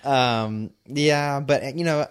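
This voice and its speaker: A man in a casual podcast chat, relaxed and opinionated, saying "like" often. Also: medium pitch, takes it slowly, clean tone.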